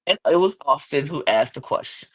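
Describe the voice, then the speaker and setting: Woman, podcast co-host, casual rambling recap, animated, acts out quotes. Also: low-pitched, fairly quick, slightly rough. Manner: animated, acts out islanders' lines in character voices; rambling, admits she goes off track. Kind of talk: casual reality TV recap chat.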